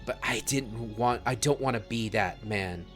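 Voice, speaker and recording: A man voicing an ashamed, tearful young male vampire in a gruff, put-on Southern accent. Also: fairly low pitch, unhurried, a bit bright, faint music behind. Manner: choked, apologetic.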